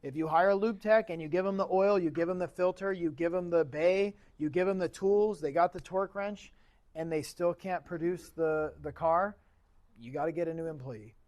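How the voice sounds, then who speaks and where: A man's voice: a little high, normal speed, a little mellow. A man teaching an automotive class in a chatty, casual lecture style, often asking the students questions. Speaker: automotive instructor.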